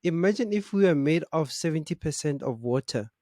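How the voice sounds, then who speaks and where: A South African man hosting a talk show, introducing the topic and guest in a relaxed, playful way. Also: a little high, a little fast, no room sound, studio quality. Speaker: show host.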